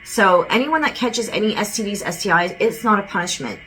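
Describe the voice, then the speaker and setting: A woman's voice: medium pitch, expressive, a little fast, a bit bright, faint music behind, low-quality recording. A woman giving a casual channeled psychic reading, rambling and relaying quotes with frequent "he goes". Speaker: psychic medium.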